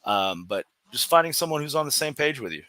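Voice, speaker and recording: A man, a professional wrestler guest on a podcast, telling a story in an animated way, laughing often and restarting his sentences. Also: medium pitch, brisk, no echo. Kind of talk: casual storytelling interview.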